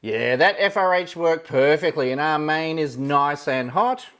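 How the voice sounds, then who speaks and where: An easygoing man talks through a food taste test, his pitch rising and falling a lot as he goes. He speaks casually, thinking aloud between bites, and keeps dropping in small fillers and "yeah, look" as he judges each item. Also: animated, measured pace, a bit bright, clear, resonant tone. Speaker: food reviewer.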